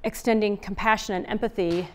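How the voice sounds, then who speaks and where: A woman's voice: mid-range voice, steady tone, a little fast. A middle-aged woman giving a casual, conversational talk on relationships as an author and speaker, with many fillers and restarts.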